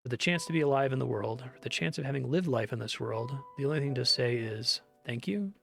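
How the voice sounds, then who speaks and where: A male streamer reads a game's story text aloud in an earnest, measured way. His voice is gravelly and mid-pitched. Soft game music plays underneath.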